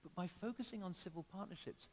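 A man's voice: high voice, fast talker, darkish tone. Man preaching in a reverberant hall. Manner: conversational with emphatic rises and sudden drops. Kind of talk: sermon. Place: church. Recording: long reverb of a church hall.

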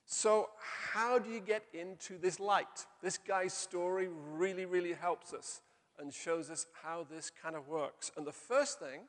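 A middle-aged male pastor preaching a sermon, telling stories and slowing down to stress key phrases. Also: fairly high pitch, fairly bright tone. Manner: storytelling with slow emphatic pauses. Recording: long hall reverb.

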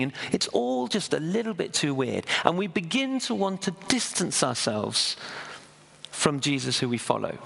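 A man preaching a sermon in a conversational, storytelling way, often pausing and restarting. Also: a little high, gravelly, fairly bright tone. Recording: long echo of a hall.

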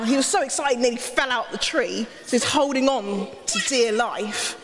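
A woman telling a lively Bible story to children, asking them questions as she goes. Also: on the high side, moderate pace, hardly any pauses, big-room sound, crowd noise. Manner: animated, asks the children questions.

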